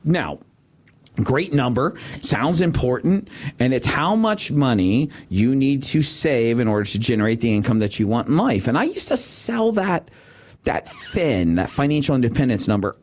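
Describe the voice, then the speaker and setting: A man's voice: medium pitch, measured pace, husky. A man hosting a talk show, telling stories in a casual, repetitive way with lots of "right?". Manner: animated, repeats himself, says "right?" often. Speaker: financial advisor and show host.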